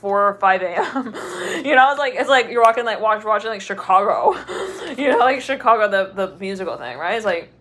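A woman's voice: medium pitch, big pitch swings, moderate pace, fairly bright tone. A woman giving a casual tarot reading, chatty and rambling, laughing often and filling her talk with loose asides. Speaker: tarot reader.

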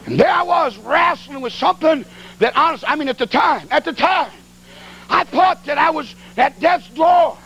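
Excitable folksy preacher, high-pitched and gravelly. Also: male voice, moderate pace, muffled recording, a little hiss or hum. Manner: folksy, animated storyteller with sound effects. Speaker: evangelist preacher. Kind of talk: storytelling sermon.

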